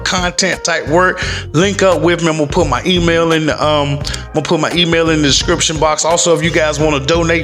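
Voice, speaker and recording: A man's voice: a little high, bright, forceful tone. A man chatting loosely from a desk at home in a rambling, slangy vlog. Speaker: stock-market vlogger. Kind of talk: casual rambling vlog chat.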